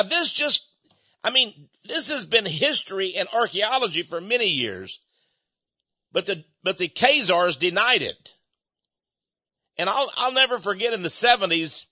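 A man's voice: high-pitched, pushed and bright, no room sound. An older man giving a folksy, rambling monologue, chuckling between his points. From United States. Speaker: speaker. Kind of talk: opinionated monologue. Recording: dull lo-fi dry recording.

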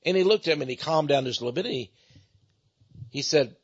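A man preaches in a husky, slightly raised voice that leaps up and drops low for emphasis. He often stumbles and repeats words as he presses on. The recording is dull and lo-fi. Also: expressive, quick pace, long pauses. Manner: dramatic, swooping emphasis with stammered restarts. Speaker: speaker. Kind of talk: preaching lecture.

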